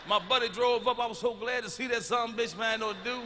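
A middle-aged man doing stand-up, telling profane stories loudly and swinging into shouts. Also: very high-pitched, steady tone, fast, few pauses, a little hiss or hum. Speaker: stand-up comedian. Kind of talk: stand-up routine. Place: large arena stage. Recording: live concert recording with long hall reverb.

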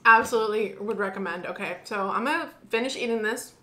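A woman's voice: mid-range voice, fast, sharp tone. A young woman from the United States, gushing playfully while taste-testing in a casual vlog. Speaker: food vlogger.

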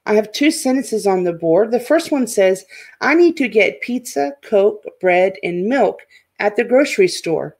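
A woman's voice: medium pitch, expressive, unhurried, a little mellow. Patient woman teaching a grammar lesson. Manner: patient, repeats points, checks in with "okay?". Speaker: elementary teacher. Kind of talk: explaining a lesson at a board.

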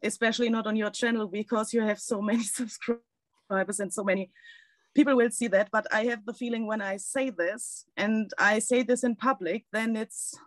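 A woman's voice: fairly high pitch, steady tone, moderate pace, dry recording. A woman guest on a podcast, speaking thoughtfully and searching for her words. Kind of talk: casual chat.

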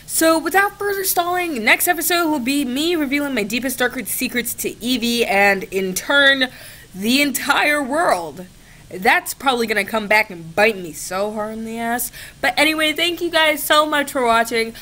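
Slightly high with lively intonation and a sharp tone, her voice moves at a moderate pace. The young gaming video creator sits at her laptop at home, chatting with a chatbot on camera in a sarcastic, giggly, mock-exasperated way, with frequent swearing.

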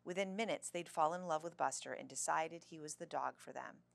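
Brief: woman reads a children's chapter book aloud, low-pitched, gravelly, close and dry. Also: a little fast, no room sound. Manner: expressive storybook reading. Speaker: children's story reader. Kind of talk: reading a children's novel aloud.

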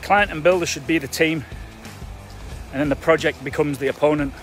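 This construction trainer's live-stream coaching for property investors is blunt, emphatic and chatty, packed with fillers. He talks fairly quickly in a slightly high voice, and soft background music plays.

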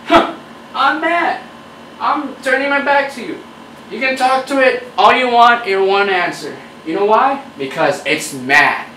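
A man's voice: extremely high pitch, expressive, measured pace, pushed and bright, echoey room, distant mic, slight background noise, low-quality recording. A man doing a profane, mock-angry comedy rant straight at his viewers. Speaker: YouTube comedian.

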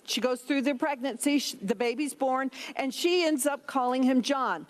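High-voiced woman preaching a sermon. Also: normal speed. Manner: emphatic preaching, reads scripture aloud. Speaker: pastor.

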